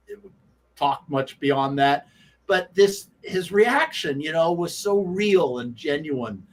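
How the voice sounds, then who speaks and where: A man, a guest sports writer, telling anecdotes on a sports talk radio show in an animated way, often restarting his sentences and acting out quoted lines. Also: medium pitch. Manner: halting with frequent restarts.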